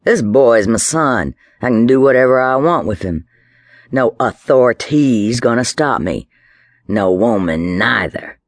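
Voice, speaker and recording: A man's voice: low-pitched, animated, a little slow, slightly rough, no echo, studio quality, heavily acted. A man voicing a vicious drunken brute who speaks in a coarse, snarling, threatening way. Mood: menacing.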